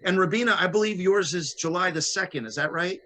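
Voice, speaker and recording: A man performing a comedic storytelling magic act over a video call, playful and teasing with quick asides. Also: high voice, pushed and bright. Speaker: stage magician.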